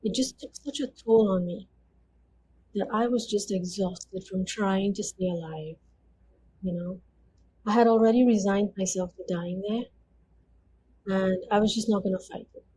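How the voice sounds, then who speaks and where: Earnest woman with a mellow voice. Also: medium pitch, measured pace, long pauses, slight background noise, rough recording. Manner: earnest, conversational, frequent 'you know' fillers. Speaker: interview guest. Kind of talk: personal testimony storytelling.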